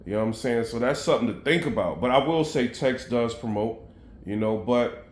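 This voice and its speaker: With a mid-range, sing-song voice at a normal pace, a battle rap commentator speaks directly to viewers from an echoey room. The talk is conversational and filler-laden, full of loose asides and "you know what I mean."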